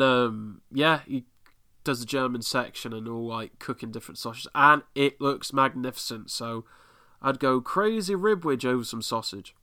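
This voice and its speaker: A British man with an excitable, sweary manner, giving casual commentary while watching an episode. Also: medium pitch. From Britain. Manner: excitable, swears freely, reacts aloud. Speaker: podcast host.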